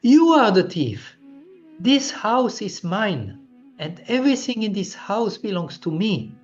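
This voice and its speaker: Man voicing a cheeky cowherd boy, defiant, taunting, raised high voice, lively swings, muffled lo-fi audio. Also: moderate pace. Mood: indignant. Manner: taunting, shouted high retorts. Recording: dull lo-fi recording with faint music.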